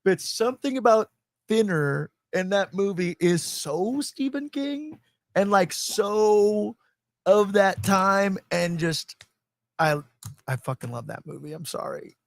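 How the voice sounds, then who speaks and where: Male host, a touch high-pitched, dry studio sound; loose, rambling, laugh-prone delivery. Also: animated, slow, gravelly, dry recording. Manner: laughs often, rambling and profane. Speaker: podcast host. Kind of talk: casual chat.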